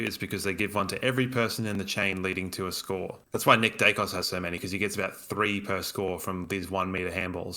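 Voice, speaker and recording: A man's voice: on the low side, bright, forceful tone. A man co-hosting a casual sports podcast, talking in an emphatic, opinionated way. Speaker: podcast co-host.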